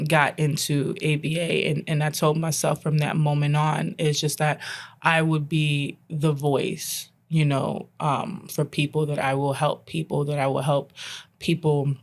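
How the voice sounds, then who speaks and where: A woman guest on a podcast, a behavioral consultant, telling a personal story in an animated way and acting out what people said. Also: sits low, measured pace. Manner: animated, acts out quoted dialogue, laughs often.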